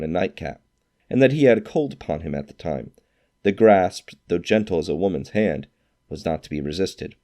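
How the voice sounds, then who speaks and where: A man with a very low, dark voice narrates a classic novel in an expressive storytelling manner. He shifts into character for quoted lines.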